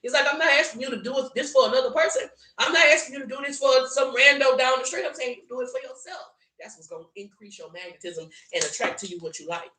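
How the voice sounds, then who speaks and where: A woman's voice: sits high, fast, hardly any pauses, pushed and bright, roomy sound. A woman with a South Louisiana Southern drawl giving a blunt, profane, preachy tarot reading. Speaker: tarot reader. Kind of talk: solo tarot reading monologue.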